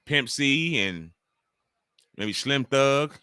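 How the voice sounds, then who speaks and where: A man's voice: medium pitch, lively intonation, drawn-out words, sharp tone, clear, resonant tone, no room sound, studio quality. A young man hosting a live watch-along stream, joking loosely and talking to chat viewers by name. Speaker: livestream host.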